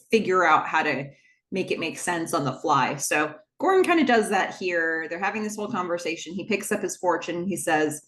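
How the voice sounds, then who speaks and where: A woman's voice: lowish voice, fairly bright tone. A woman hosting a podcast, chatting enthusiastically as she recaps a TV episode and acts out bits of its dialogue. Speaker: podcast host.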